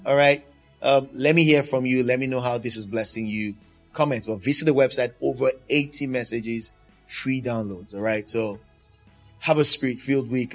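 A man's voice: mid-range voice, fairly bright tone. A man preaching a sermon, emphatic and driving his points home by repeating them.

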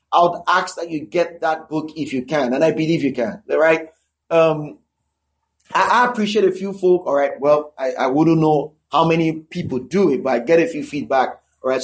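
A man preaching a sermon, emphatic and conversational, repeating key phrases and checking in with his listeners. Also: on the high side.

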